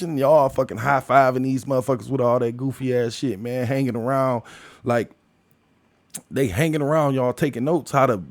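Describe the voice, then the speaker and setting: A man's voice: mid-range voice, darkish tone, no echo. Heated, profane man ranting on a podcast. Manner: profane, heated, laughing between points. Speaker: podcast host. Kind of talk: ranting solo monologue.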